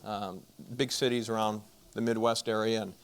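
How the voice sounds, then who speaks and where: A middle-aged man telling a personal story to an audience, animated and acting out the voices of the people in it. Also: on the low side, moderate pace, clear, resonant tone. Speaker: marriage conference speaker.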